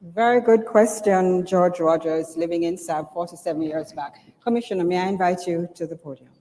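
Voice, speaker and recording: Warm-toned woman moderating a conference. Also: fairly low pitch, big-room sound, poor audio. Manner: rhetorical, measured. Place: conference hall.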